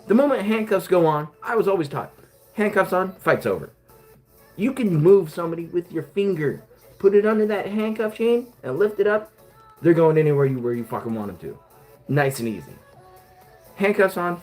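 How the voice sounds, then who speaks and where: A man with a past as a police officer, talking casually and bluntly with lots of swearing. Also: fairly high pitch. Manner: blunt, heavy swearing, animated. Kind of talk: casual talk.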